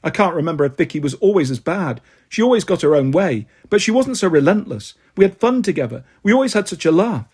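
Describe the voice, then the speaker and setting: A man narrates a novel aloud as an audiobook, shifting expressively between the characters. His voice is husky and sits a little high for a man. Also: fast, hardly any pauses. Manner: expressive reading, voicing characters. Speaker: storyteller.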